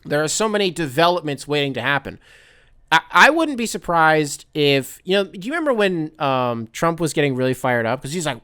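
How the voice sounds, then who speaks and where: A man's voice: on the high side, animated, brisk, pushed and bright, clear, resonant tone. A man hosting a podcast alone, ranting casually with profanity and sarcastic impressions. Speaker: podcast host. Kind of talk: casual solo rant.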